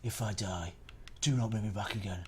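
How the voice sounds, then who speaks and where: A man putting on the voice of a grim young male warrior leader, speaking roughly with an angry, gruff delivery. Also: fairly low pitch, fairly quick, a little hiss or hum, close to an everyday voice.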